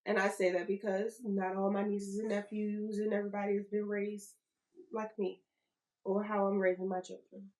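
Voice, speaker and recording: A middle-aged woman co-hosting a casual podcast chat, animated and repeating phrases for emphasis. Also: medium pitch, normal speed, poor audio. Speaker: podcast co-host.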